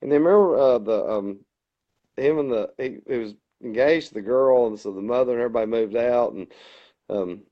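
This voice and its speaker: A man's voice: medium pitch, a little fast. A man with a Birmingham, Alabama accent, rambling and laughing in a casual podcast chat as co-host. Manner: rambling, laughing, retelling comedy bits. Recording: dull lo-fi sound.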